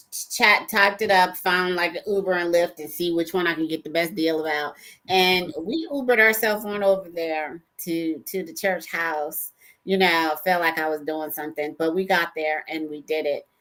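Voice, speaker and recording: A woman's voice: fairly low pitch, fairly bright tone. A woman co-hosting a casual faith-based chat, telling a personal story and acting out the dialogue with jumps in her voice. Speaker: co-host.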